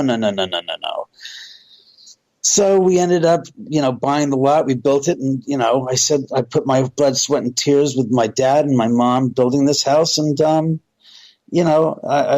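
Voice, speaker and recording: On a radio interview, a middle-aged man from Southern California casually spins long, wandering stories, performing the quoted lines himself. He has a mid-range, slightly mellow voice, heard through poor audio.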